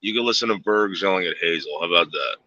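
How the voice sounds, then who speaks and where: Man from the US, livestream host; low-ish, tense, forceful delivery, dry close sound, crude offhand rambling. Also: fast talker, dry recording, dull audio. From United States. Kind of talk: casual rambling monologue.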